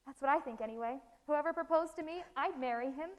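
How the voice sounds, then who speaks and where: A woman playing a gentle, sensible eldest sister in an amateur stage drama, with a soothing, earnest way of talking. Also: high-pitched, fast, big-room sound, natural voice, low-quality recording.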